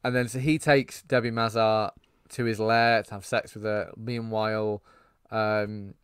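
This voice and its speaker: A man's voice: fairly low pitch, level tone, a little slow, clear, resonant tone, dry recording, clean studio sound. A man co-hosting a casual film podcast, rambling and swearing as he laughs along. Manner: rambling, swearing, laughing at his own jokes. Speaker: podcast co-host. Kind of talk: casual film-review chat.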